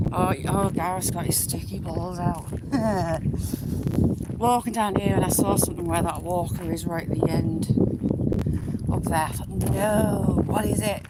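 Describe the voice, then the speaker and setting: A woman chatting casually to viewers as she walks through the countryside, rambling and talking to the animals she passes. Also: on the low side. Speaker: vlogger walking outdoors. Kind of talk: casual live walking chat. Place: outdoors in the countryside, windy. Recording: loud wind noise outdoors.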